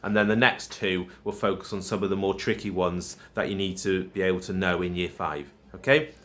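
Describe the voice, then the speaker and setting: A man's voice: low-pitched, fairly even intonation, a little fast, fairly bright tone. A man teaching a recorded lesson to primary pupils, explaining step by step and checking in with "okay?" after each point. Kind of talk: recorded home-learning lesson.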